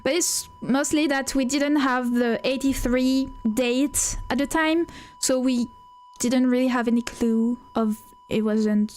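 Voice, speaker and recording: A woman's voice: high voice, steady tone, unhurried, a little mellow, a little hiss or hum. A young woman streaming, chatting casually and giggly while reacting to a video.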